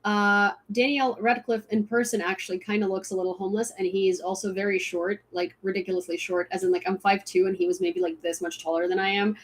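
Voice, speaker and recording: A woman's voice: mid-range voice, flat delivery, fast talker, hardly any pauses. A young woman hosting a casual livestream, rambling with many fillers and restarts as she tells a story. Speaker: livestream host.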